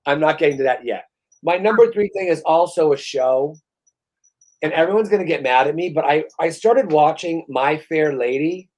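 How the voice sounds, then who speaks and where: A man's voice: fairly high pitch, normal speed, a little mellow, poor audio. Ranting middle-aged man co-hosting a podcast. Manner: profane, ranting, exasperated storytelling. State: worn out after a vaccine shot. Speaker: podcast co-host. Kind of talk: casual chat.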